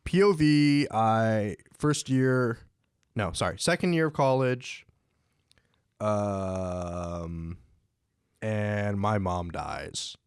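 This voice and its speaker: A man's voice: fairly low pitch, very slow, clear, resonant tone, no room sound, clean studio sound. A young man co-hosting a casual podcast, laid-back and laughing his way through a grim story. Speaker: podcast co-host. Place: podcast recording room.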